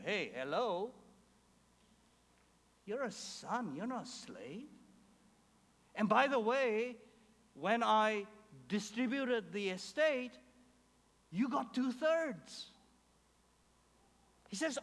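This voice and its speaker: A man's voice: high-pitched, animated, takes it slowly, long pauses, a bit bright. A man preaching a sermon, telling a story with emphasis and acting out the quoted characters. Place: church hall. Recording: reverberant hall, faint ambience.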